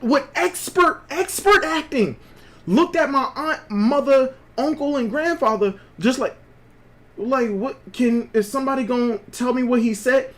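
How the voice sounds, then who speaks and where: A live-stream host telling a long, rambling family story in casual talk, swearing freely and answering viewers by name. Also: sits high.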